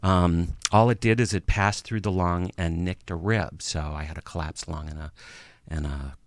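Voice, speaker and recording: A man around fifty, a guest in an interview, telling a personal story in a halting way, with pauses and restarts, and audibly emotional. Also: deep voice, steady tone, no room sound. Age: about 50.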